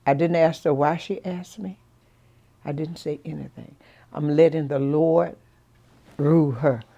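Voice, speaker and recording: A woman, from Florida, telling personal stories in a folksy, gently preaching way. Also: deep voice, unhurried, creaky, muffled recording. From Florida, USA. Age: 70s. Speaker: storyteller guest. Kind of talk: casual personal storytelling.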